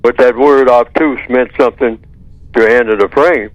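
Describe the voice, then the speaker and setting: A man's voice: medium pitch, fairly even intonation, normal speed, no echo. A man speaking as a guest on a talk radio show, emphatic and repeating his points with rhetorical questions. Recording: dull lo-fi line, dry.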